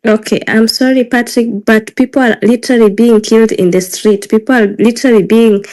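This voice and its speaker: A woman's voice: on the high side, steady tone, a little fast, darkish tone. A woman with a Kenyan accent moderating a live online discussion, insistent and emotional, mixing Swahili phrases into her English. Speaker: moderator of a live audio space.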